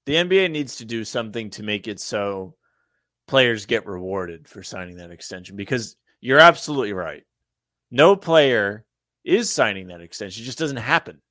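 A man co-hosting a casual sports podcast, animated and emphatic, often repeating himself. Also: fairly low pitch, normal speed, no room sound, clean studio sound. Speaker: podcast co-host.

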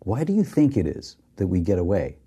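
A low-pitched man with a husky, dark voice interviews a guest in a relaxed back-and-forth. He reacts often with short acknowledgments and asks questions that turn the story toward what it means. His tone stays easygoing and curious. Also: brisk. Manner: engaged, frequent backchannels, reflective questions. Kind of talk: casual interview conversation.

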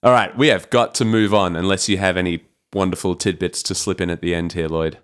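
A man with a very low voice co-hosts a podcast in casual chat. He teases his co-host playfully and laughs often as he talks. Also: fairly even intonation, fairly quick, smooth.

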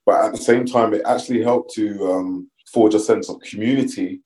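Male guest, middle-aged, warm lowish voice, measured and reflective. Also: steady tone, low-quality recording. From London, England. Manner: measured, reflective storytelling with frequent ums. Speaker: podcast guest. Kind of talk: casual interview conversation.

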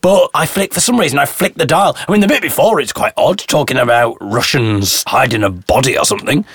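Male co-host, wry and rambling, lively pitch with a gravelly edge, dry close mic. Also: brisk, no echo. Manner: rambling, wry, animated storyteller. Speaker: podcast co-host. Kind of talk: casual chat.

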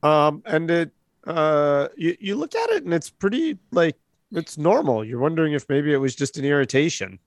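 A man's voice: fairly high pitch, sing-song, moderate pace, no room sound, clean studio sound. Man running a tabletop game. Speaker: game master.

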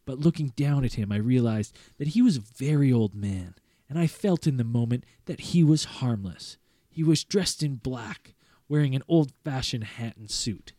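A man's voice: mid-range voice, animated, mellow, no echo. Man reading a story in a dry room. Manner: measured, earnest read-aloud narration. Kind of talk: first-person story reading.

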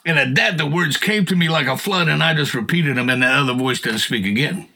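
Animated breathy man telling a story. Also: a little high, brisk, rough recording. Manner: animated storyteller who acts out quotes and laughs. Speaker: guest sharing testimony. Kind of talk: casual testimony chat.

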